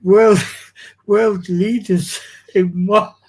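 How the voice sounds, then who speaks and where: A man's voice: sits high, steady tone, drawn-out words, darkish tone, slightly rough. A man with a Liverpool accent hosting a casual chat, giving dry, brief reactions. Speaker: host.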